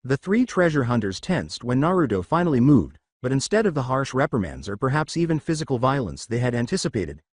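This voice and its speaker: A man narrating a fan fiction story with steady storytelling. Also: mid-range voice, a little fast, hardly any pauses, no room sound, clean studio sound.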